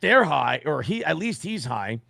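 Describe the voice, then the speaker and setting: A man's voice: on the high side, measured pace, creaky, dry recording, studio quality. A man in his forties telling a story on a stream in blunt, profane language, acting out what others said. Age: 40s. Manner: blunt, profane, animated retelling with quoted voices. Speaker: guest.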